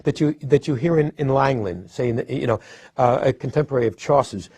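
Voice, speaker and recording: A man's voice: mid-range voice, brisk, warm tone, breathy edge, no echo. A man, a literary scholar, explaining a poet's life and work in a thoughtful lecture style, often restarting his sentences and leaning on stressed words. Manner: thoughtful, with frequent restarts and hesitations.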